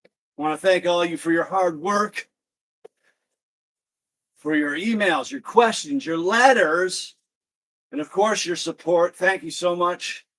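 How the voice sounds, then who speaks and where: Man, exercise instructor, high voice, unhurried delivery, energetic, shouted counts. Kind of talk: leading an online exercise class.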